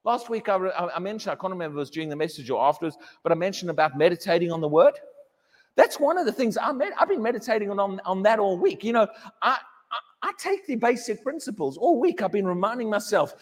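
High-voiced man preaching in an echoing hall. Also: big pitch swings, fast talker. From England. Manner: emphatic, repeats words, mocks a wailing believer in a high voice. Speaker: pastor. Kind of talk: sermon. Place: church hall. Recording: long hall reverb.

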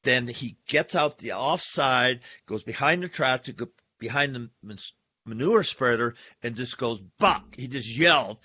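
A male podcast host with a bright, forceful voice tells a story with lively energy and keeps talking to "folks". His sound is a bit dull and lo-fi, and it is dry, with no room echo. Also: medium pitch, moderate pace. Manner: animated storyteller, addresses listeners as folks. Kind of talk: casual podcast conversation.

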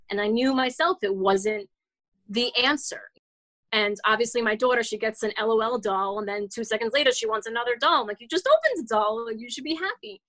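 A woman's voice: a little high, a bit bright. Chatty woman in her thirties, rambling. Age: 30s. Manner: rambling, many restarts and fillers, heartfelt. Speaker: guest author. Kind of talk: casual interview storytelling.

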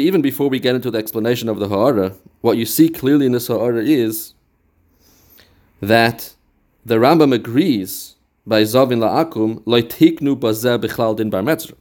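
Man, Talmud teacher, mid pitch, step-by-step explanation, chanted quotes. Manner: explains step by step, quoting texts in a study chant; mixes English with Yiddish and Hebrew terms. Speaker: Torah teacher. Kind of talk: Talmudic study lecture.

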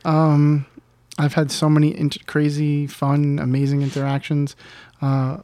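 A man who runs conventions telling a casual anecdote, animated and acting out what people said. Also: on the high side, a little slow, dry recording. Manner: animated, acts out quoted voices. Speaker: convention organizer guest.

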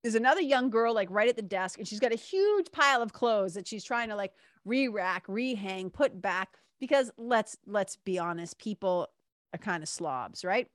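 A woman's voice: mid-range voice, expressive, moderate pace, dry recording, studio quality. A woman telling a story in a casual, candid way, swearing now and then and acting out what other people said. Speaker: vlogger.

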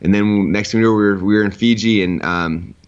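A man in his thirties, a podcast guest who tells stories with excitement, acting out quotes in a high voice. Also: brisk, clean tone, highs cut off. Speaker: podcast guest, online entrepreneur. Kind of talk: casual storytelling interview.

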